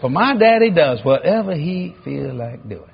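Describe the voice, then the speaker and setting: Animated high-voiced preacher, fifties. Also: male voice, normal speed, creaky, husky, highs cut off. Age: 50s. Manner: animated, acts out dialogue, laughs often. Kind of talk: storytelling sermon.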